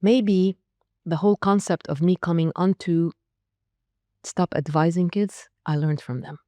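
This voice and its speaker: A woman's voice: fairly low pitch, steady tone, a little slow, mellow, no echo. A woman around sixty, a school leader answering interview questions in an emphatic, direct way with short punchy phrases. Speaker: school academic leader, guest.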